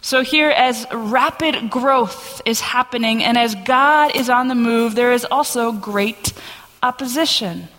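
A woman pastor giving a sermon and reading scripture aloud in an earnest, steady voice, in a church sanctuary. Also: fairly high pitch, unhurried. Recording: long church reverb.

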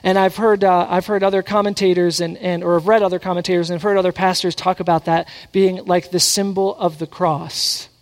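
A man's voice: high-pitched, fairly quick, hardly any pauses. A man preaching a sermon, mixing scripture with family stories and acting out the voices of the people in them. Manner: animated, acts out quotes. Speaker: pastor. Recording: long hall reverb.

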